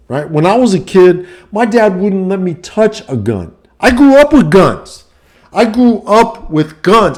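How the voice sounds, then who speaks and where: A middle-aged man ranting casually on his vlog, profane and heated, swinging from low muttering to shouting. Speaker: vlogger and life coach.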